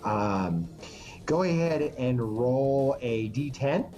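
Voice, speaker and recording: Halting male game master, faint music. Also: medium pitch, expressive, dark tone. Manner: halting, full of ums and restarts. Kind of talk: narrating a tabletop game.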